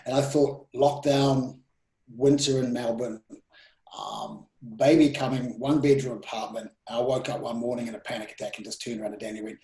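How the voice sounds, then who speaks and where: Guy on a podcast telling his own stories, lively ups and downs, kinda echoey room. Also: mid-range voice, normal speed. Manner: animated, voice rising and dropping sharply. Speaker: podcast guest, presenting mentor. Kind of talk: casual storytelling interview.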